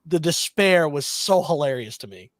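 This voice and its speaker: A man hosting a casual podcast, telling stories in an animated way and laughing often. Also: on the high side, moderate pace, dry recording, studio quality. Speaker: podcast host.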